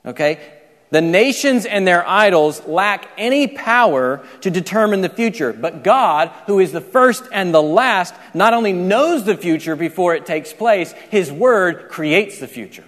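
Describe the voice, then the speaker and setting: A man's voice: high voice, lively intonation, a little slow, fairly bright tone. Preaching man in a reverberant hall. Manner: explanatory preaching with frequent restarts. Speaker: pastor. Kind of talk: sermon.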